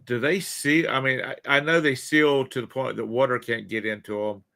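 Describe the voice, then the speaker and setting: A tired man chatting casually as co-host, rambling and restarting his sentences. His voice has a bright, forward tone. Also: mid-range voice, steady tone, moderate pace, vocal fry. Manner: rambling, self-correcting, yawning. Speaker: co-host of a livestream. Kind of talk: casual chat.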